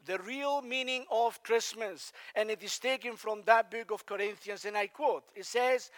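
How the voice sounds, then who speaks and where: A man's voice: high-pitched, moderate pace, few pauses, fairly bright tone. A man from Spain preaching a sermon in a conversational way, putting questions to the congregation. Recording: long reverb of a large hall.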